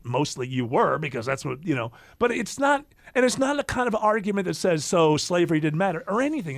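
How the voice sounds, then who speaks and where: A man's voice: high-pitched, vocal fry, no room sound. A man hosting a casual podcast chat, talking in a rambling way with many restarts. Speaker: podcast host.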